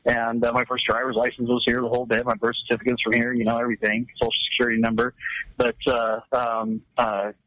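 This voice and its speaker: A man's voice: medium pitch, monotone, quick pace, fairly bright tone, dry recording, low-quality recording. A man from California chatting casually on a radio talk show, rambling with many restarts. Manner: chatty, lots of restarts and laughs.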